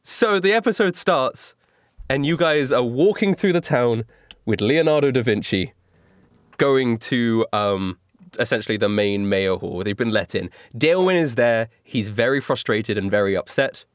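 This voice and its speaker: A man's voice: medium pitch, lively intonation, unhurried, no echo, studio quality. A man running a tabletop game as game master, recapping events in a casual, laughing way with fillers.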